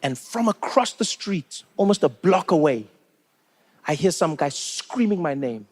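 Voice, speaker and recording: A man's voice: on the high side, animated, measured pace, darkish tone, slightly rough. A South African man doing stand-up, telling a story in a chatty, conversational way with many asides, on a comedy club stage into a handheld mic.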